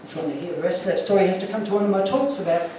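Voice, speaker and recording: A man's voice: high-pitched, very fast, warm tone, distant mic, a little hiss or hum. Earnest man speaking in an echoey hall. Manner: earnest, emotional storyteller. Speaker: guest speaker. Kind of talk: public talk with slides.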